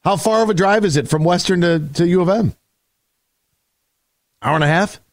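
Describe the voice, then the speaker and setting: A man hosting a sports radio show, delivering an emphatic, opinionated monologue that swings between loud punchlines and low grumbles. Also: normal speed, no echo, studio quality.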